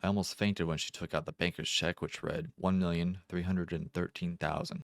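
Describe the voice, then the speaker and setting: Very deep-voiced male story narrator. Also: little pitch movement, normal speed, creaky, no echo, clean studio sound. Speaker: amateur narrator. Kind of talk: first-person short story narration.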